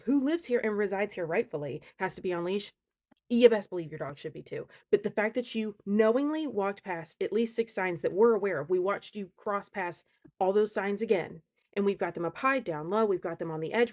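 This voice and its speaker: A woman vlogger telling a story in a loud, emphatic, exasperated way, venting directly to her viewers. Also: medium pitch. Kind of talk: animated storytime rant.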